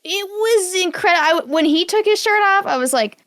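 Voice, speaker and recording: A woman's voice: very high voice, animated, fairly quick, a bit bright, dry recording, clean studio sound. A woman co-hosting a casual game podcast, wry and teasing. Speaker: podcast co-host. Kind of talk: casual chat.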